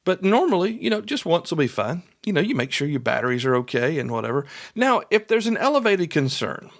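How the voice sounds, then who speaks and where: Guy teaching on a podcast, folksy and chatty, voice a bit on the high side, says things twice. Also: sing-song, a little fast, creaky. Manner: folksy, repeats points, acts out little dialogues. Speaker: podcast host and instructor. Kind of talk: conversational instructional podcast.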